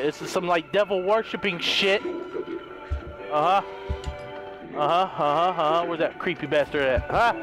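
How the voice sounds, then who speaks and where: Panicky high-voiced gamer guy. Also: big pitch swings, measured pace, over music. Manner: panicky, loud, swearing, nervous laughter. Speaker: gamer playing a horror game. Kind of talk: let's play commentary.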